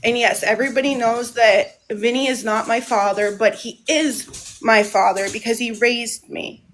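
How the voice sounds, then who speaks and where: A woman's voice: a little high, steady tone, moderate pace, a little hiss or hum. A woman talking on a casual livestream from home, rambling and restarting her phrases. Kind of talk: casual live monologue.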